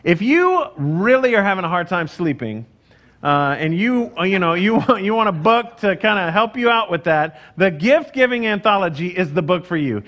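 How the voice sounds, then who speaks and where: A middle-aged pastor with a drawl and a fairly high voice preaches in a relaxed, conversational way. He jokes at his own expense, repeats himself, and stops to restart his sentences, so the sermon sounds more like friendly talk than an address. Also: normal speed. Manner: conversational, self-deprecating, with frequent fillers and restarts. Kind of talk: casual sermon.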